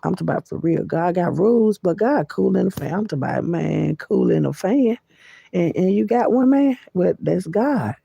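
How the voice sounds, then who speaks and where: A woman's voice: lowish voice, expressive, normal speed, creaky, dark tone, husky, dry recording. A woman vlogger in casual spiritual talk, speaking to her viewers in a folksy way, calling them baby and y'all and often insisting she's serious. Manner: folksy, calls listeners baby and y'all, repeats "I'm serious".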